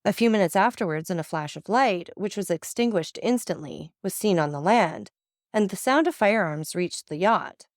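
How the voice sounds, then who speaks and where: A woman reads a classic novel aloud in steady, even narration. Her voice sits at a middle pitch, and the recording is dry and close. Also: moderate pace, no room sound. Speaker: audiobook narrator.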